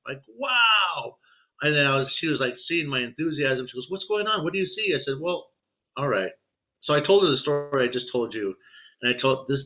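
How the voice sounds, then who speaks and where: Man telling stories over a tinny line. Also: medium pitch. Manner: animated storyteller acting out quoted voices. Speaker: podcast guest, healer. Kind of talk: storytelling in a casual interview.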